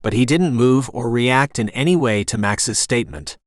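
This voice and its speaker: A man narrating an audiobook in a steady, even reading voice. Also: medium pitch, normal speed, no echo, studio quality. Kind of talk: scripted narration.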